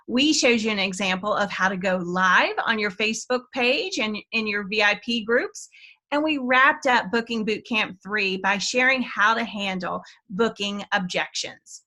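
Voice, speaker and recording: Upbeat middle-aged Southern woman coach, high-ish bright voice, chatty training delivery. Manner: enthusiastic, chatty, laughs at own slips. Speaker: sales trainer, webinar co-host. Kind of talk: upbeat training talk with personal stories.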